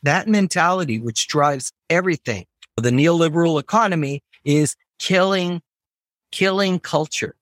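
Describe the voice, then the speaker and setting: Emphatic American professor, dry close sound. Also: male voice, on the high side, normal speed, no room sound. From United States. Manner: animated, emphatic, digressive. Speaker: professor, podcast guest. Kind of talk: casual interview talk.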